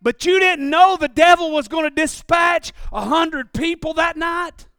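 A man preaching a sermon in a church, moving from quiet, confiding talk up to loud, shouted preaching. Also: extremely high pitch, a little slow, dry recording, studio quality. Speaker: pastor. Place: church sanctuary.

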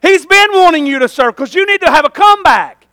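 High, bright-voiced fervent male preacher. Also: expressive, fairly quick, no room sound. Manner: fervent preaching, calls for amen, folksy slang. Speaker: pastor. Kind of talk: sermon.

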